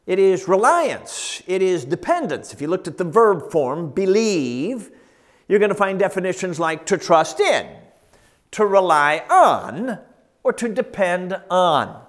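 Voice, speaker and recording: A man preaching a sermon, telling stories with animated quotes and frequent laughter before teaching. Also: sits high, unhurried.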